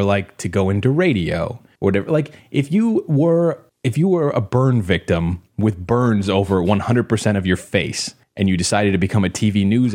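A man's voice: lowish voice, a little mellow. A man in a casual podcast chat, blunt and profane, rambling and laughing often. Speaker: podcast co-host.

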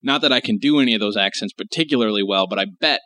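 A man's voice: lowish voice, racing, pushed and bright. An American man rambling in casual chat, curious and full of fillers. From United States.

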